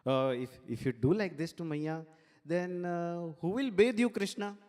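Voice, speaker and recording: A soft-spoken, coaxing father gently soothing his sulking child, as a man speaks his lines. The voice sits a bit high and carries the long echo of a hall. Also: unhurried.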